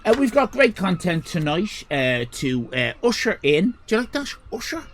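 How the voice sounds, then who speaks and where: An Irish man in his fifties hosting a comic livestream, rambling crudely with sudden shouted bursts. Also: sits high, very animated, moderate pace. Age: 50s. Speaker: comedy livestream host. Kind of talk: improvised comic monologue.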